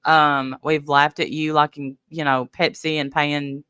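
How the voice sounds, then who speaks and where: A woman's voice: low-pitched, little pitch movement, unhurried, fairly bright tone, clear, resonant tone, no room sound, clean studio sound. A woman hosting her channel, chatting casually and teasing her critics with sarcasm. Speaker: channel host. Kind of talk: casual mocking chat.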